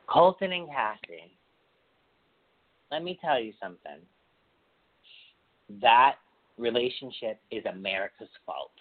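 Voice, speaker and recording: A woman hosting a podcast, chatting casually and animatedly with strong opinions and gossipy storytelling. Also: extremely low pitch. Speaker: podcast host. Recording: tinny phone-like sound.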